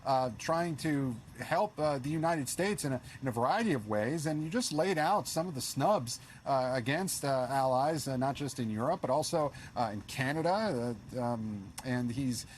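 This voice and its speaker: A man reporting as a news correspondent in a steady manner, with many hesitations. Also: mid-range voice, moderate pace, hardly any pauses, slight background noise.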